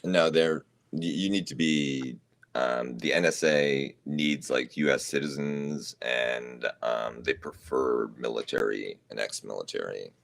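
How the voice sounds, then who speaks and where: A man's voice: a bass voice, steady tone, unhurried, vocal fry. A man hosting a casual podcast chat, dry and sarcastic.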